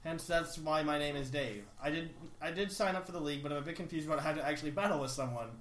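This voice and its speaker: A man's voice: on the high side, quick pace, fairly bright tone. Young man reading listener mail aloud. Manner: reads emails aloud with wry asides. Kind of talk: casual chat. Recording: echoey room with faint hiss.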